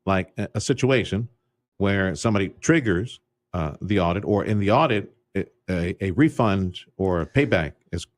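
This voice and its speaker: A male radio host with a lively, up-and-down voice, chatting with a guest. He repeats the important points for listeners and slips in jokes. The sound is close and dry from a studio mic. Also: sits low, moderate pace, dry recording. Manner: conversational, repeats key points for listeners, jokey asides. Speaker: radio morning show host. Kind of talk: casual radio interview.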